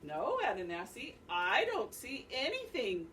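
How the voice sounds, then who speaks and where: A woman voicing a calm, clever female bush deer in a storybook who answers patiently and with a gentle tease, recorded from a distance. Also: a little high, a little slow, a little hiss or hum, heavily acted. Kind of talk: read-aloud storybook voice. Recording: distant mic, faint classroom ambience.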